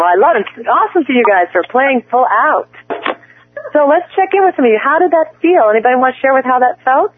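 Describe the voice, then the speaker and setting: A man leading a group coaching call, talking listeners through a guided visualization in a soft, unhurried way. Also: very high-pitched, expressive, background noise. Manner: soft, slow guided-imagery delivery. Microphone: telephone. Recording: tinny phone line.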